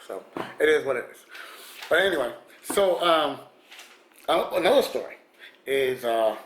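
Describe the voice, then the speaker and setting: A man's voice: mid-range voice, a bit bright, slight background noise. A man vlogger casually telling celebrity encounter stories, rambling with many restarts and little chuckles. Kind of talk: casual storytelling. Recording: echoey room.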